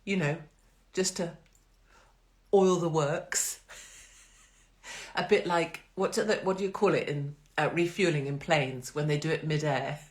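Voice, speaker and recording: Woman, middle-aged, low voice; chatty live-stream host, sarcastic, frequent laughter. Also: fairly even intonation, slow, long pauses. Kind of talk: casual live-stream chat.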